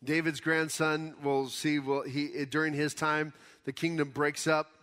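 A pastor preaching a conversational sermon, explaining scripture casually in everyday words. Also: male voice, on the high side, flat delivery, a little slow, a bit bright. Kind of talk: conversational Bible teaching sermon.

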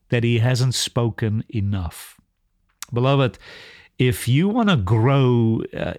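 A man preaching a short sermon in an earnest, halting way, often repeating words as he goes. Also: mid-range voice, no room sound, clean studio sound.

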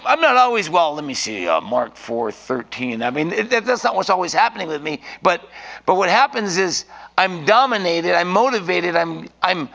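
Gravelly folksy male preacher. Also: sits high, pushed and bright. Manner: rambling, folksy, frequent restarts. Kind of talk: informal sermon.

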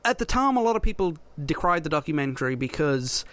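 A man's voice: fairly high pitch, very animated, fast talker, a bit bright, no echo. A man co-hosting a podcast in casual chat, often restarting and repeating his words. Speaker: podcast co-host.

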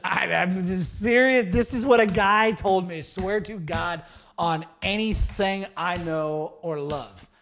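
A man's voice: sits high, slow, gravelly, a bit bright. A young man hosting a podcast, brash and joking in casual chat with lots of swearing. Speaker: podcast host.

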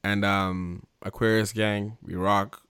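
A man's voice: fairly low pitch, flat delivery, slow, fairly bright tone, smooth, no room sound, clean studio sound. A man hosting a casual chat show, signing off with teasing banter. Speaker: host.

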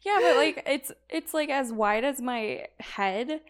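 A woman's voice: sits high, slow pace. A woman co-hosting a casual podcast, bantering and teasing playfully. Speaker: podcast co-host. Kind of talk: casual chat.

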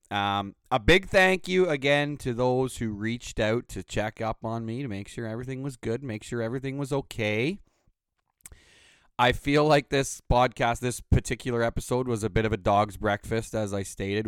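A man's voice: mid-range voice, smooth, no echo. A man hosting his own podcast, ranting with sarcasm and lots of swearing. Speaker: podcast host. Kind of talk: solo podcast rant.

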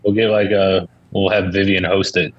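A man's voice: low voice, little pitch movement, moderate pace, muffled recording. A man co-hosting a podcast in easygoing casual chat. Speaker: podcast co-host.

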